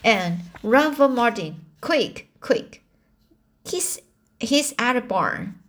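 A woman's voice: a little high, very animated, slow pace, heavily acted. A woman reading the part of an alarmed, stern older woman, calling out in a frantic voice.

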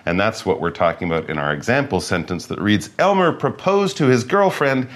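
Man, low voice, very animated pitch, acts out examples, english lesson co-host. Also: a little fast. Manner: lively, acts out example lines.

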